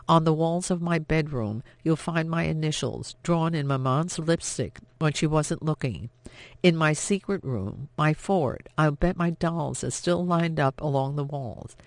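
A man voicing a headstrong young woman of nineteen, impassioned and sharp as she stands up to her father. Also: fairly high pitch, a little slow, no echo. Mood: defiant.

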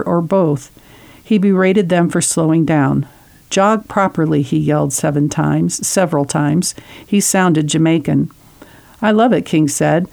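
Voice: medium pitch, gravelly, mellow. A reader steadily reading magazine articles aloud, with a few small slips.

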